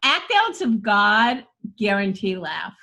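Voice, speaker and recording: A woman's voice: mid-range voice, very animated, slow pace, sharp tone. A older woman coaching comedy in casual chat, reading jokes aloud and laughing often.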